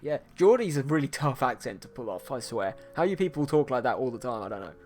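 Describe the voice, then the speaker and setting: A man's voice: medium pitch, sing-song, quick pace, a little mellow. A man from England, chatting casually with his livestream viewers, teasing and swearing with a laugh. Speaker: streaming artist.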